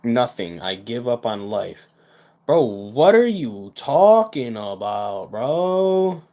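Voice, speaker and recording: A male streamer talking to his chat in an unhurried drawl. He hypes himself up and repeats lines for effect. His volume jumps from loud bursts down to low mutters. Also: sing-song. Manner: boastful, self-hyping. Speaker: live streamer. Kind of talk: casual livestream chat with viewers.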